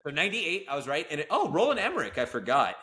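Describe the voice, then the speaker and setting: A man's voice: on the high side, wildly swooping pitch, rapid-fire, bright, forceful tone. A man co-hosting a casual film podcast, talking enthusiastically and rambling through asides. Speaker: podcast co-host.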